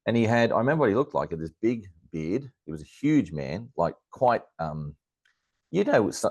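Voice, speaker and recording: A middle-aged Australian man, an astrologer guest in an interview, telling a personal story in a lively anecdotal way with plenty of fillers and restarts. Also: deep voice, no echo, studio quality.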